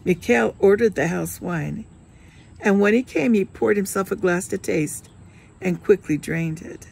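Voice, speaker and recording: A woman reading a novel aloud with steady storytelling narration. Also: mid-range voice, unhurried, vocal fry, breathy edge, low-quality recording. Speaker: reader.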